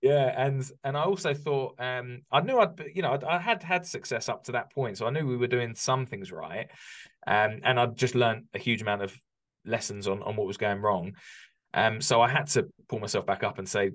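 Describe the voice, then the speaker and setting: A man's voice: mid-range voice, moderate pace, fairly bright tone. A man from the UK in his forties, a podcast guest reflecting candidly on rebuilding his business, with frequent ums and restarts. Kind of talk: candid conversational interview.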